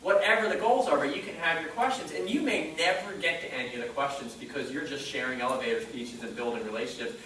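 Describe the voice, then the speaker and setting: A man giving a motivational talk on stage, telling stories and acting out conversations in a lively way. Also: mid-range voice, fast, hardly any pauses, a little hiss or hum. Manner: animated storyteller quoting dialogue. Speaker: motivational speaker. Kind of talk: live presentation storytelling. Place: conference room. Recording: echoey hall mic from a distance.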